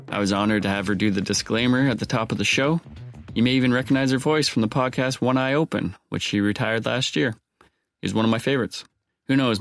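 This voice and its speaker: A man's voice: on the low side, a bit bright, no echo. A man hosting a podcast on his own, talking casually and cracking dry jokes to his listeners. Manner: wry, joking asides. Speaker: podcast host.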